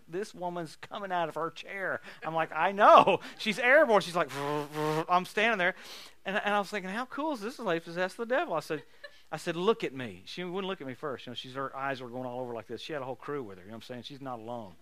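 A man preaching a sermon, telling stories in an animated, folksy way and laughing often. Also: high-pitched. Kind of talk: sermon with storytelling.

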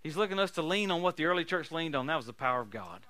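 A male preacher delivering a sermon full of healing stories, telling them with laughter and sudden loud bursts of emphasis. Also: fairly high pitch, sing-song, racing.

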